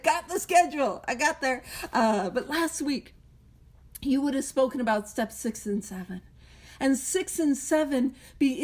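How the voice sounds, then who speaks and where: A woman giving a talk at a recovery meeting, joking and self-deprecating in a conversational way, heard over a video call. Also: high voice. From Canada.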